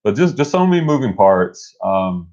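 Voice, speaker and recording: A middle-aged man co-hosting a casual live stream, energetic and motivational, rambling with restarts. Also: fairly low pitch, moderate pace. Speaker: co-host. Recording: dull lo-fi stream audio.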